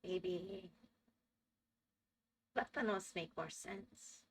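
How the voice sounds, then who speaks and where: A woman's voice: lowish voice, steady tone, extremely slow, a bit bright, slightly rough. A woman streaming live, reacting to a video with chatty asides and tangents.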